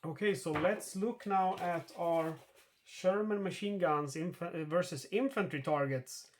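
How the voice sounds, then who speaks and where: A man talks through a solo tabletop wargame, explaining each rule and roll in a casual running commentary. His voice sits a little higher than most men's, and he often stops to restart or correct himself with plenty of fillers. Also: measured pace. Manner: thinks aloud with many fillers and self-corrections. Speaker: board game player narrating a solo playthrough.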